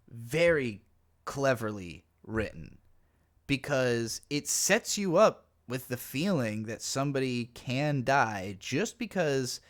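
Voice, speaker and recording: A male anime reviewer talking casually through an episode. His mid-pitched voice jumps up sharply when he gets worked up, and he swears freely and tells the plot in an excitable rush. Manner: animated, profane, excitable storytelling. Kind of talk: casual commentary.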